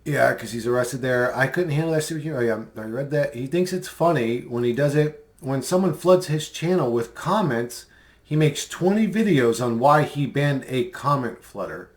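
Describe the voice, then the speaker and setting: A man's voice: medium pitch, animated, normal speed. A man in a casual commentary vlog, rambling and mocking, with many fillers as he replies to comments. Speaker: video creator replying to comments.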